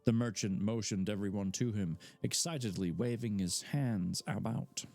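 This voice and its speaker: A man's voice: on the low side, moderate pace, gravelly, a little mellow, soft background music. Man reading a fantasy novel aloud live. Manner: casual asides between narration. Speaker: audiobook reader.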